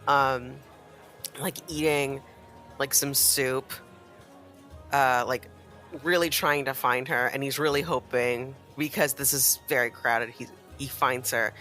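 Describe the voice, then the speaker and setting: A man's voice: mid-range voice, steady tone, slow pace, bright, forceful tone, soft background music. A man playing a tabletop game, describing his character's actions in a rambling way. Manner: rambling, many fillers. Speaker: player.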